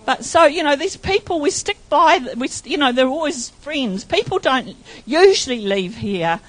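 High-voiced older woman pastor, rambling. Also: lively intonation, moderate pace. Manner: rambling, emotional storytelling. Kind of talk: church testimony.

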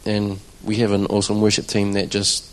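A church drummer shares a conversational testimony with the congregation, his voice on the low side and his delivery brisk over poor audio. He tells it as animated storytelling, acting out his own reactions and the quotes.

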